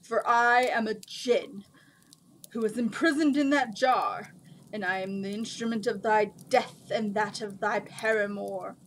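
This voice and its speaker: A stern giant djinn thunders his archaic threats, loud and grand, as a woman reader puts him on. He sounds like a villain from a storybook. A faint hiss sits under the voice. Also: medium pitch, unhurried, low-quality recording.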